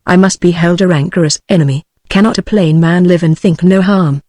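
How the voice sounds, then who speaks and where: A text-to-speech woman's voice with a British English accent reads the lines of a bitter, scheming male duke in a flat, even manner. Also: fairly low pitch, a little fast, no echo, studio quality, close to an everyday voice. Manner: flat, even synthetic reading.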